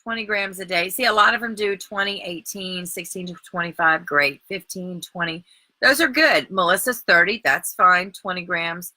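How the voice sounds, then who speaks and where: Woman, workshop host, chatty and upbeat, very bright tone, dry close sound. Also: lowish voice, moderate pace, no echo. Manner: chatty, encouraging, reads out viewer comments. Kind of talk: live-stream workshop talk.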